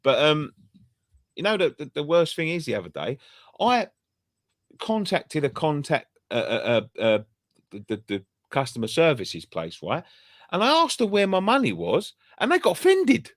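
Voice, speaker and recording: A man's voice: a little high, wildly swooping pitch, moderate pace, dry recording, studio quality. A man chatting casually on a fan channel, telling sweary, rambling stories full of restarts. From England. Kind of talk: casual pub chat.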